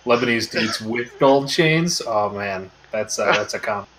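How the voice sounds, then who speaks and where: A man with a Minnesotan accent tinged with Boston, chatting in a relaxed, dry way and calling out race events. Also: fairly low pitch, measured pace, crowd noise. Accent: Minnesotan with some Boston. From Minnesota, USA. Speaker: sim racing stream co-host. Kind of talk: casual chat.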